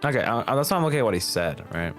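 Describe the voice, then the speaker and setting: A woman with a sick, hoarse voice chatting casually while playing a game, joking about herself. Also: a bass voice, big pitch swings, rapid-fire, faint music behind. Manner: joking, self-deprecating, stumbles and restarts. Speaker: streamer. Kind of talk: casual gameplay chat.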